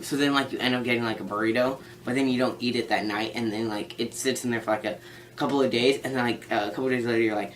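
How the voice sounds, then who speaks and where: A man's voice: medium pitch, steady tone, fast talker, slight background noise, rough recording. A teenage boy telling a story in a casual vlog, rambling with lots of "like" and a playful tone. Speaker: vlogger.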